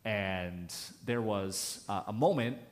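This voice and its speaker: A man delivers a relaxed sermon in church, his voice sitting a little low. He tells stories casually, often restarting his phrases. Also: slow. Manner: casual, storytelling, many restarts. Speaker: pastor. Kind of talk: conversational sermon.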